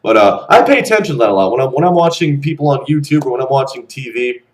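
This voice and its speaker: A young man around twenty ranting bluntly to camera, animated and swearing freely. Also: mid-range voice, fast, rough recording. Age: young adult. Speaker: vlogger. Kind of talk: casual rant to camera.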